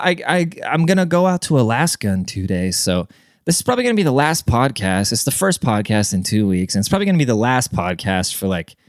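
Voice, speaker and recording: Young male podcast host, smooth dry voice, rambling cussing storyteller. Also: mid-range voice, dry recording. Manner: rambling and profane, with frequent restarts and "dude". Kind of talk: casual storytelling monologue.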